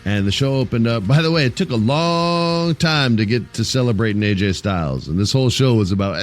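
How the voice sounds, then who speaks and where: A man hosting a wrestling podcast, recapping shows in casual, profane, animated talk. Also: medium pitch, brisk, hardly any pauses, faint music behind.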